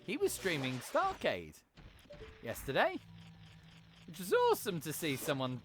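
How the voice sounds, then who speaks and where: A man chatting casually while he plays on a live stream, swearing freely and cracking quick jokes. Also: fairly high pitch, huge pitch swings, fairly bright tone, slight background noise.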